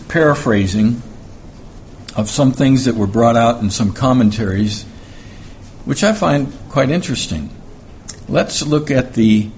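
Slow, deliberate male preacher. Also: mid-range voice, darkish tone, slight background noise. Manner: deliberate, repeats key phrases for emphasis. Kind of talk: sermon with scripture reading.

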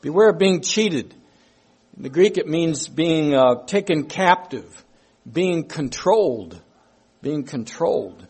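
A man preaching a sermon, slow and emphatic, repeating his key phrases as he works through a Bible verse. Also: fairly high pitch, lively intonation, darkish tone, slightly rough.

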